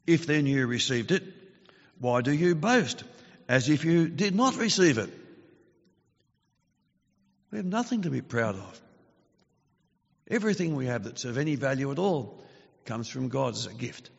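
A man preaching a sermon in an earnest, measured way, his voice growing forceful when he reads scripture. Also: mid-range voice, animated, gravelly. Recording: dull lo-fi sound with long reverb.

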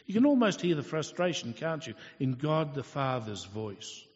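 A man's voice: a little high, big pitch swings, moderate pace, few pauses. A man preaching a sermon in an earnest, storytelling manner, asking rhetorical questions. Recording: echoey hall, dull lo-fi sound.

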